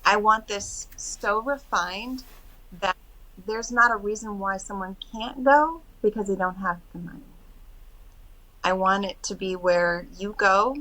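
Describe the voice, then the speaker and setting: A middle-aged woman talks casually on a podcast about the retreats she runs. Her voice is bright and clear, and she tells her stories in an animated way. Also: medium pitch, low-quality recording. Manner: animated storytelling, quotes others in lively voices. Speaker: podcast guest, retreat organizer. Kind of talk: casual interview chat.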